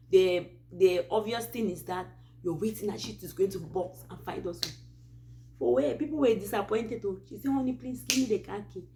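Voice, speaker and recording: A Cameroonian-accented woman from Cameroon tells a true story on her Christian advice channel in a mid-range voice, relaxed and animated with lots of asides. There is slight hiss or hum in the recording.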